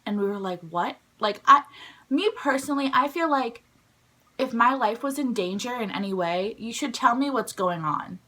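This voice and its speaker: A young woman tells a storytime in a chatty, animated way, with "like" scattered through every sentence. Her voice sits a little high and sounds bright and forward. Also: moderate pace. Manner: chatty, animated, heavy use of "like". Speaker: vlogger. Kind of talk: casual storytime.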